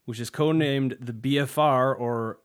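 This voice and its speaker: A man's voice: mid-range voice, fairly even intonation, moderate pace, smooth. Rambling man hosting a tech podcast. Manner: rambling, hesitant, chuckles often. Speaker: podcast co-host. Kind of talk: casual tech chat.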